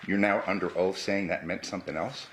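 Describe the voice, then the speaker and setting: A man cross-examining a witness in a courtroom, his voice sitting slightly low. He presses steadily, pinning down every answer with a clipped follow-up question. A faint hiss runs under the recording. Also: fairly even intonation, fairly quick. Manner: pressing, repeats "correct?" to pin down answers. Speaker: defense attorney.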